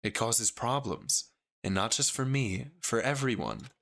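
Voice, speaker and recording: Brief: curt stern young woman sleuth, read by a man, slow and bright. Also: mid-range voice, expressive, vocal fry. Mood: scolding. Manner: curt, scolding. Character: cool stern young female detective.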